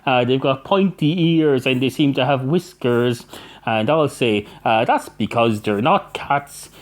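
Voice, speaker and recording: A man's voice: mid-range voice, a little slow, close to an everyday voice. Brief: man doing a fussy barman, rambling and over-explaining, comic tale. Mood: pedantic. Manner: long-winded, reasoning aloud. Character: rambling, pedantic male barman.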